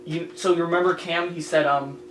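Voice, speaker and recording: A young man telling rambling, crude stories in casual chat among friends, often yelling out the lines he quotes. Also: a little high, fairly even intonation, brisk, crowd noise. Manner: rambling storyteller, crude, yells in retold quotes. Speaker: podcast regular. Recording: echoey room with faint hum.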